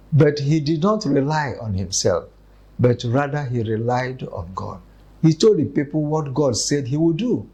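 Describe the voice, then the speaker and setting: A man preaching a weekly devotion with a husky, breathy edge to his voice. He speaks in a measured, emphatic way and reads scripture aloud between points. His pitch sits in an ordinary middle range. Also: darkish tone, low-quality recording. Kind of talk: devotional sermon with scripture reading.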